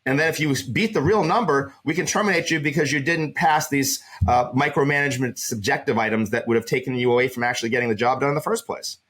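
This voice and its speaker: A man speaking as a guest employment advisor in a podcast conversation, emphatic and quick to repeat words when worked up. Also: medium pitch, a bit bright.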